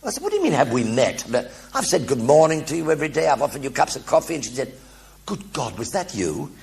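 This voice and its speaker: Older storyteller, lively pitch, husky gravel; stage raconteur. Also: male voice, rapid-fire. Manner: animated anecdotes with acted-out voices. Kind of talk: one-man show storytelling. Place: theatre stage with audience.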